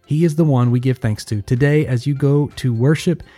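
Dark-voiced man giving a devotional. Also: mid-range voice, a little fast, dry recording, soft background music. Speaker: pastor. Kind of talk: podcast devotional.

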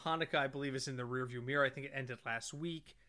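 Bright-voiced man telling stories. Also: mid-range voice, fast. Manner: animated storyteller, swears freely. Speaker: podcast co-host. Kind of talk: casual podcast chat.

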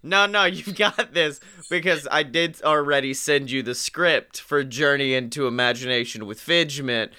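A man's voice: fairly high pitch, moderate pace, few pauses, sharp tone, clear, resonant tone. A tired young man co-hosting a podcast, rambling and jokey with casual swearing. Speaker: podcast co-host. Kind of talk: casual chat.

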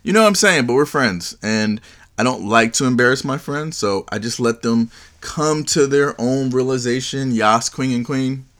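A man's voice: mid-range voice, moderate pace, a bit bright. A man hosting his own solo podcast, chatting casually in a joking, rambling way. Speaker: podcast host.

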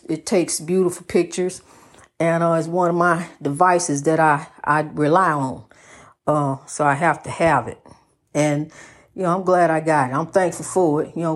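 A woman giving a motivational, preachy talk, repeating phrases in a rhythmic cadence with casual asides. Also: fairly low pitch.

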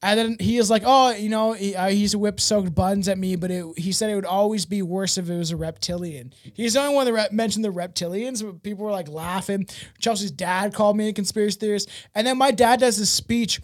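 A man co-hosting a podcast with a notably high voice. He talks casually and loosely, rambling, swearing often and padding his sentences with fillers. He sounds like he's in his thirties. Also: quick pace. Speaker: podcast co-host. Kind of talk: casual chat.

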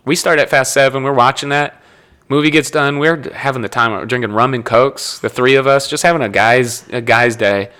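This is a young man from Nebraska in a relaxed podcast conversation, spinning long anecdotes. His voice is bright and forward, and he keeps breaking into laughter and correcting himself as he talks. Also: medium pitch, normal speed, clean tone. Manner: rambling storyteller, laughs often, self-corrects. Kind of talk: casual chat.

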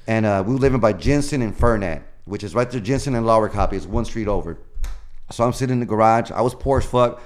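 A man's voice: fairly low pitch, quick pace. A male comedian being interviewed, telling long profane stories in a casual, rambling way. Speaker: comedian guest.

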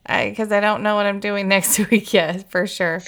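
A woman's voice: mid-range voice, flat delivery, normal speed, a bit bright. A woman hosting a podcast in casual chat, frank and a bit crude, laughing often. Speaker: podcast host and mother.

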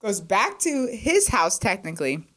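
A woman's voice: medium pitch, big pitch swings, unhurried, a bit bright. A woman co-hosting a podcast, casually recapping a novel's plot and chiming in with agreement. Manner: fills in plot details, affirming interjections. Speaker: podcast co-host. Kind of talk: casual book discussion.

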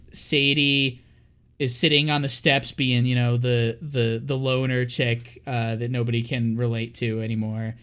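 A man co-hosting a horror podcast, recapping a movie in casual chat, animated and swearing a lot as he acts out the characters. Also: mid-range voice. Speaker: podcast co-host.

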